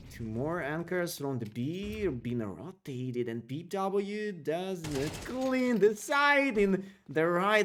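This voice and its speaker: Excitable male esports caster, high and lively. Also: a little hiss or hum. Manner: excitable, rising to loud peaks on big plays. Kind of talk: play-by-play commentary.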